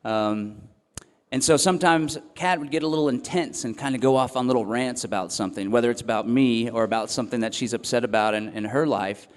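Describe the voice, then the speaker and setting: A man's voice: mid-range voice, a little fast. Earnest young man speaking in a hall. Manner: earnest, reflective, frequent ums and restarts. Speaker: festival speaker. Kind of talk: talk to a live audience. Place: event hall or tent. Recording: long hall reverb.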